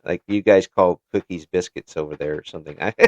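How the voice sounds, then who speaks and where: A man's voice: sits low, a little fast, darkish tone, no echo, lo-fi sound. An American man hosting an interview in casual chat, stumbling over restarts and laughing often. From United States. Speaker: interview show host.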